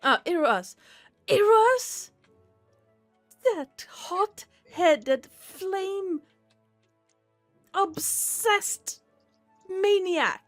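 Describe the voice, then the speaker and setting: A woman's voice: very high-pitched, lively intonation, very slow, pauses often, no room sound, soft background music, heavily acted. A woman voicing a pompous, haughty goddess who scolds her mortal child like a disapproving mother. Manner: scolding, condescending.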